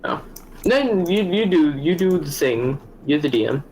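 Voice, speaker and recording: Higher voiced guy at a game table, chatty, thinking out loud, bit of hiss behind. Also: expressive, unhurried, rough recording. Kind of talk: casual chat and character description.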